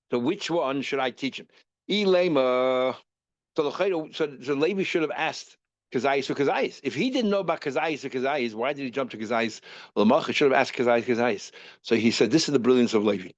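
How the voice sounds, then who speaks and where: A man teaching a Talmud lesson, reasoning aloud in a lively way and repeating terms as he works through the logic. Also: mid-range voice, dry recording, highs cut off.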